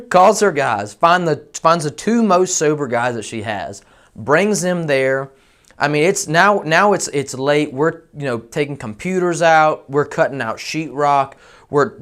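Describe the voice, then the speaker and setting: A roofing company owner, telling a personal story in a candid, animated, self-deprecating way. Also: male voice, mid-range voice. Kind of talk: casual storytelling.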